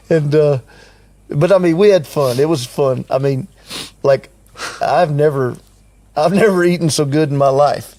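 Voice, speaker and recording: A man's voice: fairly high pitch, measured pace, pauses often, a little mellow. An older man telling a story in casual conversation, acting out what others said and chuckling often. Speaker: team member recounting a trip.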